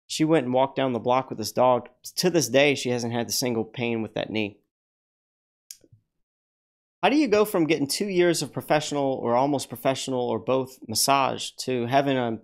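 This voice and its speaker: A man in a middle pitch hosts a casual livestream. He rambles through personal stories with frequent restarts and the odd curse. He slips into other people's voices as he tells them. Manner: animated, acts out the voices of people in his stories. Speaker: livestream host.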